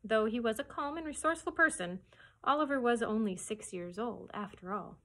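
A woman children's librarian reading a chapter book aloud with expressive storytelling. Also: on the high side, brisk.

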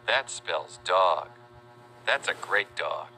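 A man narrating a children's educational video, spelling out words letter by letter in a friendly, deliberate way. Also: low-pitched, lively intonation, pushed and bright, slight background noise. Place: voice-over.

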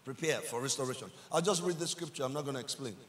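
A man with a Nigerian accent, a pastor preaching a sermon in church, building up to shouted emphasis and repeating his lines. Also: mid-range voice, fast, big-room sound, a little hiss or hum.

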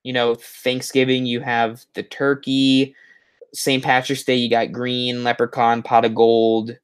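A man's voice: mid-range voice, monotone, unhurried, clear, resonant tone. A man hosting a livestream on a headset, chatting casually and reading out viewer comments in a rambling way. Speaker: YouTube livestream host.

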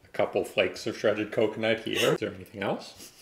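A man's voice: lowish voice, steady tone, a little fast, gravelly. A man chatting casually in a home kitchen while taste testing, dry and laid-back. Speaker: vlogger's partner, taste tester. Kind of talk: casual chat. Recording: echoey kitchen room.

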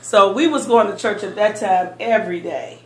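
A woman recounting childhood memories in a lively storytelling manner, often laughing as she remembers. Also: mid-range voice, moderate pace, roomy sound. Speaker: interviewee recalling childhood. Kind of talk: oral history storytelling.

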